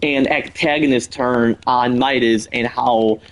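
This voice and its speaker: A man's voice: medium pitch, steady tone, unhurried, rough recording. A man streaming live, casually brainstorming a story with lots of "pretty much" and restarts. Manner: rambling, fillers like "pretty much".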